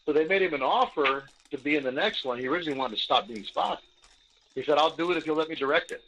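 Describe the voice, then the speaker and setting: A man co-hosting a podcast speaks fast in a fairly high, pushed, bright voice. He chats casually, rambling through strong opinions and doing mock impressions, and the recording has a dull lo-fi sound.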